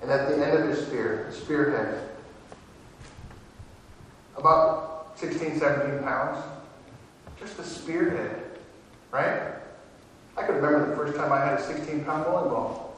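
Man preaching, folksy storyteller reading scripture, slightly high voice, distant mic in an echoey hall. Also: a little slow, long pauses, a bit bright, slight background noise. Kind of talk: sermon.

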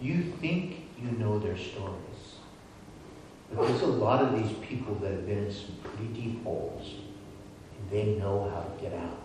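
Slow-preaching man in an echoey church. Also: lowish voice, noisy background. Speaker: pastor. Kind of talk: sermon. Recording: echoey church hall from a distance.

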